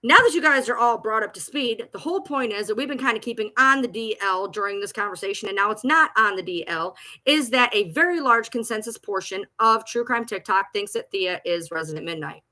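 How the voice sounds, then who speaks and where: A woman's voice: fairly high pitch, lively intonation, a little fast, few pauses, sharp tone. A woman at home ranting on a livestream, agitated and profane, repeating herself as she talks back to critics. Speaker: TikTok creator. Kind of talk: livestream rant.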